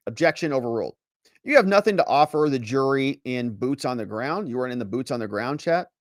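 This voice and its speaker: A man's voice: mid-range voice, lively intonation, brisk, no room sound, clean studio sound. A man, a lawyer and commentator, recounting trial testimony and acting out the witness and lawyers, with sarcastic asides. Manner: acts out witnesses and lawyers in quotes.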